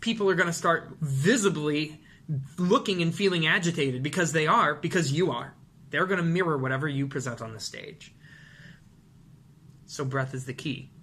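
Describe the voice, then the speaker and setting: A man teaching presentation skills to camera, animated and demonstrative, sometimes acting out rushed nervous speech. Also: fairly high pitch. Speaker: vocal and presentation coach. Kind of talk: instructional talk to camera.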